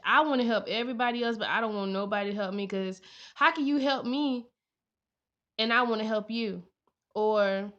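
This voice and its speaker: A woman's voice: medium pitch, a bit bright. A young woman vlogging in an earnest, heartfelt way, repeating her lines for emphasis. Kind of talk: personal vlog talk. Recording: dull lo-fi sound.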